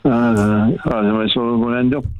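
A man's voice: medium pitch, fairly even intonation, brisk, smooth, no echo. A man calling a radio phone-in, giving short agreeable answers with tag questions. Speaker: caller. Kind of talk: casual phone-in chat. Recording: phone line into radio show.

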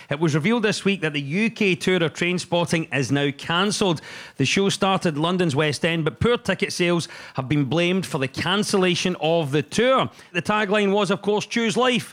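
Brisk male comedy quiz host. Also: on the high side, fairly bright tone. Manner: brisk, announcing questions and scores. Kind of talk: hosting a comedy panel quiz.

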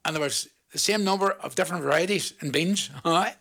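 A man's voice: fairly high pitch, a little fast, sharp tone. A male radio presenter with a Northern Irish accent, chatting away and sending out greetings to listeners in a rambling patter. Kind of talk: live radio chat with listener shout-outs.

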